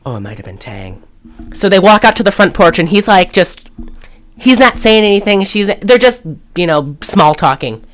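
A woman's voice: medium pitch, sing-song, normal speed. A woman co-hosting a podcast, retelling a movie in a loose, rambling way full of fillers. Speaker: podcast co-host. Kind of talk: casual movie recap chat.

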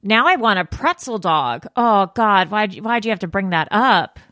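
A woman co-hosts a podcast and chats with enthusiasm. Her voice is bright and the sound is dry and close. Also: medium pitch, very animated, normal speed, no echo. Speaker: podcast co-host. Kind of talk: casual chat.

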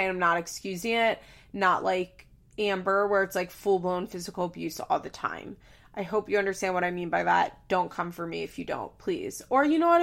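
A woman's voice: fairly low pitch, vocal fry. A woman hosting a podcast, recapping in casual, chatty talk with profanity and sarcastic asides. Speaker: podcast host.

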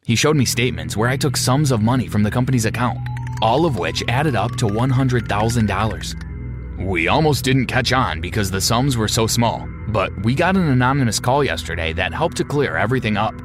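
A man narrating a first-person story in a steady, measured way. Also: mid-range voice. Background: background music.

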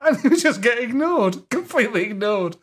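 A man's voice: very high-pitched, expressive, brisk. A man hosting a podcast panel quiz, chatty and wry with chuckling asides. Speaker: quizmaster host.

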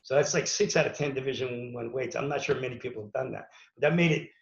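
A former wrestler from Pittsburgh, USA, tells his story fast in a gravelly, medium-pitched voice. He rambles casually with many fillers and restarts. The recording is echoey and dull, with lo-fi sound.

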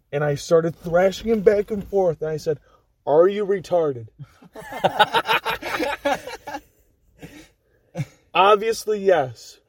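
A young man on a podcast, his voice fairly high and the recording dry, tells casual stories full of profanity. He's an animated storyteller who acts out the quotes.

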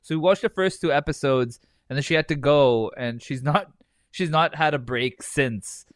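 A man's voice: fairly high pitch, moderate pace, no echo. A man co-hosting a casual podcast, swearing freely, laughing often and trailing off into restarts. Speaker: podcast co-host. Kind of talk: casual chat.

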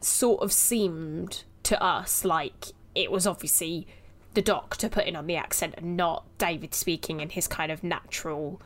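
A young woman co-hosting a casual podcast chat, chatty and quick to laugh. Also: fairly low pitch. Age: young adult. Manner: giggly, chatty. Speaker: podcast co-host. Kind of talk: casual chat about a TV show.

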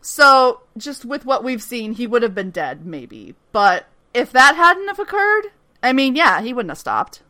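Woman, podcast recap, animated swinging pitch, slightly high voice. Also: a little slow, no echo. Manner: animated, profane, mimics characters' lines. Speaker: podcast co-host recapping a TV show. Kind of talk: casual recap chat with acted-out quotes.

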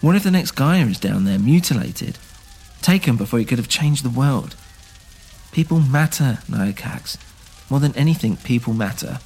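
A man doing a gravelly, earnest young outsider. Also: mid-range voice, animated, normal speed, a little mellow, faint music behind. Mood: pleading. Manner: earnest, pleading, rising to defiance. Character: impassioned young man, orphaned village outsider. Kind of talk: scripted audio drama reading.

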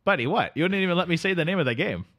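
A man's voice: fairly high pitch, animated, very fast, fairly bright tone, pitched above the performer's own voice. A man voicing a friendly, easygoing Canadian buddy with a put-on Canadian accent who says "buddy" and "eh" in a rambling, apologetic way, as a comedy bit on a podcast. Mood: cheery. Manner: calls everyone buddy, ends lines with eh, apologetic and rambling.

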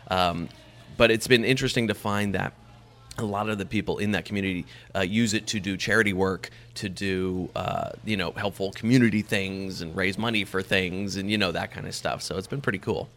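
A man with a very low voice and a bright, forceful edge, chatting as a guest about his podcast. He rambles, restarts often and laughs easily. Faint background noise sits under the voice. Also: fairly even intonation, a little fast. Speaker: podcast host, guest on another show. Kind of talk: casual interview chat.

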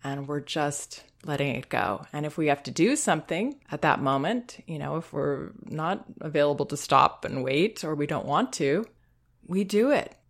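A middle-aged woman hosting a parenting advice show, speaking in a calm, unhurried, reassuring way. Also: low-pitched. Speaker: parenting advice podcast host. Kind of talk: advice talk.

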